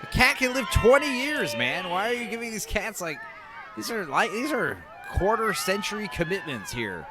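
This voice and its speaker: A man hosting a movie watch-along, riffing excitably and swearing freely, with film audio behind. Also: high-pitched, moderate pace, music in the background. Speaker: podcast host. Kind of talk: casual watch-along commentary.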